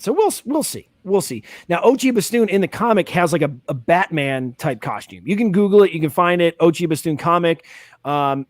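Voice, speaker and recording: A fairly high-voiced man hosts a casual live reaction chat, rambling eagerly with many fillers and restarts. His voice sounds dry and close to the mic, with no room around it. He comes across as an excited fan talking it through with friends. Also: dry recording. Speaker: host.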